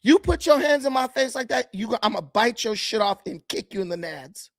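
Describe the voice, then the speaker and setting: A man's voice: very high-pitched, expressive, fairly quick, no echo. A man giving blunt, combative commentary while reacting to video clips, often mocking the people he watches. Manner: blunt, combative and mocking, with sudden swings in loudness.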